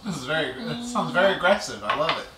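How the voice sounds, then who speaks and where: A man co-hosting a casual chat, agreeing a lot and adding quick asides. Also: on the high side, big pitch swings, far from the mic. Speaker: co-host. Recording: roomy kitchen, off-mic, clattering noise.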